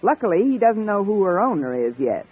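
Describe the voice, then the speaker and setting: A wisecracking schoolteacher. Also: female voice, medium pitch, very animated, brisk, husky. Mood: playful. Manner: wisecracking, playful. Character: wisecracking woman English teacher, quick-witted. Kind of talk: 1950s radio comedy acting. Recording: tinny old radio broadcast with studio audience laughter.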